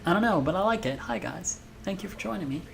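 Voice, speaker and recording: A man streaming a video game live, chatting in a playful, excitable way with many fillers. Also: high voice, quick pace, creaky, a little hiss or hum.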